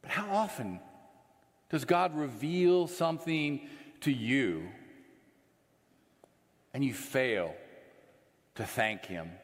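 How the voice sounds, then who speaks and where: A man preaching a sermon, slow and earnest, letting his voice sink low and soft at the ends of phrases. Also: animated. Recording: long reverb of a large hall.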